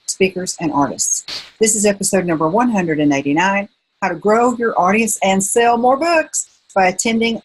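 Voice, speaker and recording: Woman podcast host, friendly n curious, bit husky breathy voice. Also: mid-range voice, rough recording. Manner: friendly, lively greeting, inquisitive. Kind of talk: interview podcast hosting.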